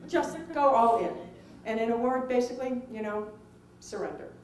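A middle-aged woman tells a personal story to an audience in a lively, conversational way and acts out other people's lines. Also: on the high side, moderate pace, slight background noise. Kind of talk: personal anecdote told to an audience. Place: film festival venue. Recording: roomy, distant mic with faint ambience.

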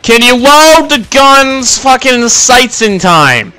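A young man commenting on his gameplay, short-tempered and cursing, yelling at the game. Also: very high voice, very animated, takes it slowly, clear, resonant tone. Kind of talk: gaming commentary. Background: gunfire from the game.

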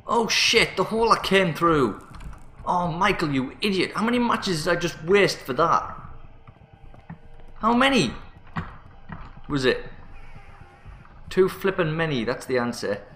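Male let's-play host, animated and sharp-toned, panicky, swears freely. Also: on the high side, normal speed, a little hiss or hum. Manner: panicky, self-mocking, swears a lot. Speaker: gaming channel host. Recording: roomy sound with faint music.

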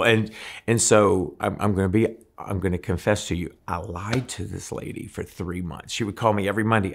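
Interview guest: lowish, gravelly man from New Orleans, lively storyteller who acts out voices. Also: fairly quick. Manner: animated storyteller, acts out voices in his anecdotes. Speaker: guest musician.

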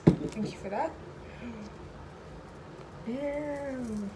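Chill slangy girl opening a gift, kinda high voice, noisy recording. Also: very slow. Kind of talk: casual vlog chat.

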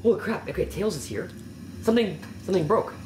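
Lively excitable male reaction host. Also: sits high, fast talker, noisy background. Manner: jumpy, laughing, breaks into startled yells. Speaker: host reacting to a horror video.

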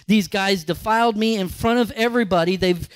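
A man's voice: sits high, brisk, clean tone, no room sound, lightly acted. A man voicing an angry, proud king in a retold Bible story, blustering and indignant.

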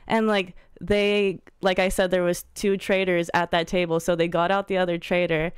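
Casting note: young female co-host, clear smooth voice, dry close mic, easy chatter. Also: medium pitch, level tone, moderate pace, few pauses, no room sound. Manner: chatty, leans heavily on "like". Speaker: podcast co-host. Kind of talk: casual chat.

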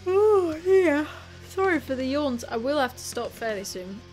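Over game music, a woman with a high, darkish voice comments on the game she's playing, very animated yet measured in pace. She's a gaming YouTuber, chatty, thinking out loud, and cursing in fun.

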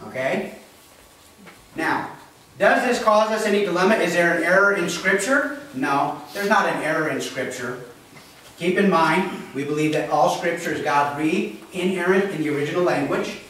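A man's voice: fairly high pitch, normal speed, a bit bright, slight background noise. A man preaching a sermon as pastor, plainspoken and often checking in with his congregation. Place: church. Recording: echoey church hall recorded from a distance.

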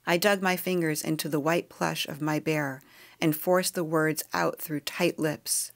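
A woman podcast host reading a memoir chapter aloud in a quiet, measured, intimate way. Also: low voice, fairly even intonation, gravelly.

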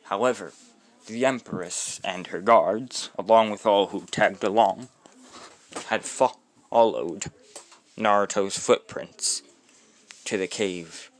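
A man casually narrating a homemade fan story, rambling off on tangents with halting restarts. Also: lowish voice.

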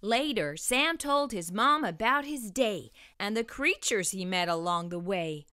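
A woman narrating a rhyming children's picture book at a slow, careful pace, her voice bright and full of lift. The sound is close and dry, with no room around it. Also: mid-range voice, lively intonation, clear, resonant tone, no echo. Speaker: storyteller. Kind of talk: children's storybook read-aloud.

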